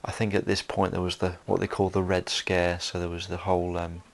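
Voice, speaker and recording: Gravelly low-voiced man rambling. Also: completely flat delivery, brisk. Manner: rambling, many fillers and restarts. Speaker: film commentator. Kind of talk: solo film commentary.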